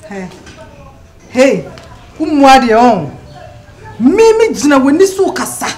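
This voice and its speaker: A woman's voice: high voice, very animated, measured pace, darkish tone. An actress with a Ghanaian accent playing a possessive young woman who threatens a rival in a film drama. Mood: threatening.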